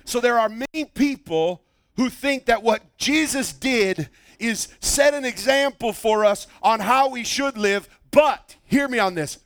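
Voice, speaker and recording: A man preaching a sermon, telling a story with lively acted-out quotes. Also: very high-pitched, a little slow, dry recording. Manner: animated storytelling, acts out quoted voices. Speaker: pastor.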